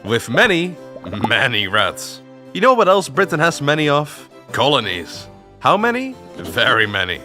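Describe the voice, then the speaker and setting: A man narrating an animated history video in a playful, scripted way. His voice is bright and a touch high, rising and falling very expressively. Soft music runs underneath. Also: a little slow.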